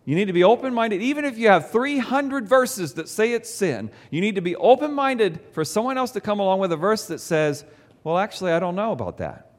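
A man preaching a sermon, reading scripture aloud and voicing imagined objections in an animated way. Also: a little high, in a large hall. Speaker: pastor.

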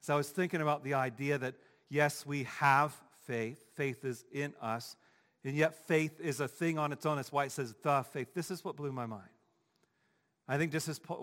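A man preaching a sermon as pastor, emphatic, swinging from quiet asides to loud declarations. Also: mid-range voice, steady tone, normal speed, in a large hall.

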